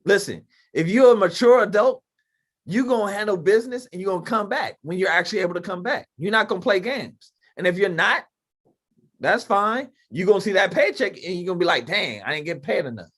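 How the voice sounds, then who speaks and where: A man with a fairly high voice hosts a casual podcast chat over a video call. He talks emphatically and loosely, with plenty of fillers and rhetorical questions. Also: lively intonation, fairly quick, fairly bright tone. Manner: emphatic, conversational, lots of fillers. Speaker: podcast host. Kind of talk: casual faith-based talk on a video call.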